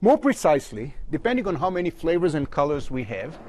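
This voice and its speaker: Man, physics lecturer, lively rising and falling pitch, fairly high voice, phrase ends drop low. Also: fast talker, a little hiss or hum. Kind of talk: university lecture at a blackboard. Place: lecture hall.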